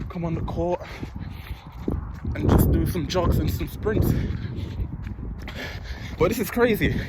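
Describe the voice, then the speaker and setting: A young man vlogging casually from an outdoor park court, chatty and blunt and swearing freely as he talks to his camera. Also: a little high. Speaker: fitness vlogger. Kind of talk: casual vlog chat. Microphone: handheld or propped-up camera. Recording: outdoor traffic noise behind. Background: city ambience with passing vehicles.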